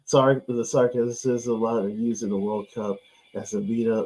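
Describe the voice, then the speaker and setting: Brief: male stream host, mid-pitched, mellow tone, profane sarcastic chatter, slightly lo-fi mic. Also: steady tone, normal speed. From United States. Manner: loose, profane, sarcastic, laughs often. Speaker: host of live watchalong stream. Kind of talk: casual live-stream chat. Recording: slightly dull, lo-fi stream audio.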